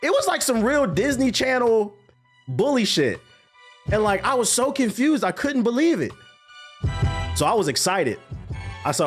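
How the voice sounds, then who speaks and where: Slangy, high-voiced male streamer ranting. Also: normal speed, long pauses, faint music behind. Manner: animated, slangy, profane rant. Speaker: streamer and content creator. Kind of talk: casual stream commentary.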